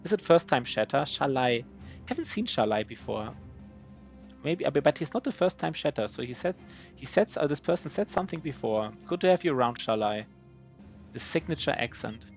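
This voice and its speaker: A man speaking English with a German accent, his first language being German, narrates his game live as a streamer. He talks at a middling pitch, rambling and joking at his own expense, often restarting his sentences. Faint music plays underneath. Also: lively intonation, normal speed, creaky. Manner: rambling, self-mocking, many restarts. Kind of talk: live gameplay commentary.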